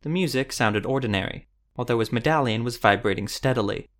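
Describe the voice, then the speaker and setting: A man narrating a fantasy audiobook in a steady, even storytelling manner. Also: mid-range voice, a little fast.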